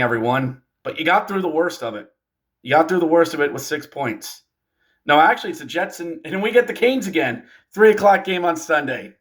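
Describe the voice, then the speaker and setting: A man hosting a casual hockey recap video, animated and joking, talking straight to fellow fans. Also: a little high. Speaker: hockey fan video host. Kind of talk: casual game recap commentary.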